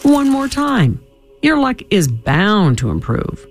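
A man's voice: high-pitched, huge pitch swings, slow pace, faint music behind, pitched above the performer's own voice, heavily acted. A man reading a storybook aloud and voicing a clever, cheerful hero who coaxes and teases a goblin in a playful manner. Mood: coaxing. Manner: bright, coaxing and playful.

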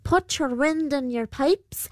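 A woman's voice: high-pitched, slow, a little mellow, no room sound, clean studio sound, pitched above the performer's own voice. A woman voicing a menacing male horned fairy creature in a spoken storybook, snarling and commanding.

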